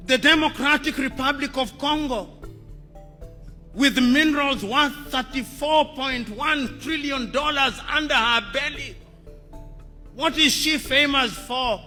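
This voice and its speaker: A man's voice: very high voice, a little slow, sharp tone. A man delivering a formal public speech, impassioned, with rhetorical questions and emphatic repetition. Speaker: public speaker. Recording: reverberant hall with music added.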